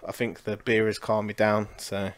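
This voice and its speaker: A man's voice: lowish voice, flat delivery, normal speed. A man co-hosting a podcast, chatting casually and swearing, with slang like "innit" and "bro". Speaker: podcast co-host. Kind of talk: casual chat.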